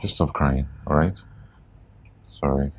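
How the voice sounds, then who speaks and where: A man's voice: rumbling low, takes it slowly, faint music behind, heavily acted. An actor with a Nigerian accent playing a caring young man who pleads with and soothes a friend, repeating his words. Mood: soothing.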